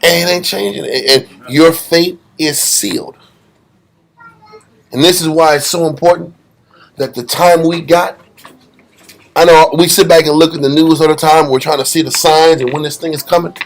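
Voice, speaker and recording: A man's voice: on the high side, steady tone, normal speed, creaky, long pauses. A man leading a group scripture study, preaching in a blunt, emphatic way with street slang. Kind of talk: informal Bible study sermon.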